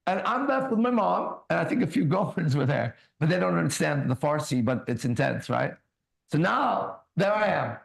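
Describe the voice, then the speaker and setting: A man hosting a ministry talk, telling a personal story in a loose, casual way and reading scripture slowly. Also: a little high, creaky. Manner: casual, tags lines with "right?" and "bro", laughs often; reads scripture slowly and deliberately. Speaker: ministry host.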